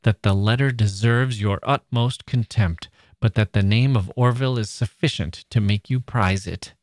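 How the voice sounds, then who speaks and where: A man reading aloud and voicing a jealous 18th-century gentleman who pleads and rages theatrically. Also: on the low side, moderate pace, no room sound, studio quality, natural voice. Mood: impassioned. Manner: impassioned, theatrical outbursts.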